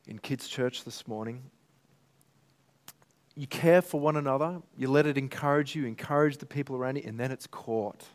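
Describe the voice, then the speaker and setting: Man, pastor, sermon, earnest, mid-pitched voice. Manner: earnest, emotional, rises to emphatic peaks. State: tearful at times.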